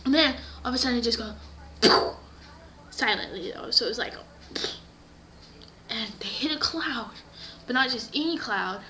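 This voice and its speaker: A woman improvising a story in an animated way, often dropping into breathy whispers. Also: a little high, moderate pace, long pauses, slight background noise, rough recording.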